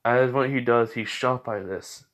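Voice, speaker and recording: A man's voice: mid-range voice, unhurried, a bit bright. A man casually narrating a fan story, rambling with lots of fillers and corrections.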